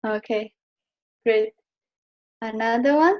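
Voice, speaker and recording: A woman from Slovenia teaches Chinese pronunciation over a video call, patiently repeating each sound for her students. Her voice is on the high side and slow. The audio is muffled, as video calls often are.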